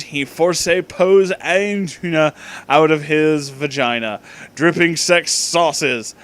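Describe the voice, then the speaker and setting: A young man reads fan fiction aloud in a flat, deadpan way. He keeps stopping to react in disbelief and breaks into laughter. His voice sits a little above the usual pitch for a man. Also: clean tone. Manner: incredulous, laughs often, deadpan reading. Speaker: host reading fan fiction. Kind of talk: comedic reading with commentary.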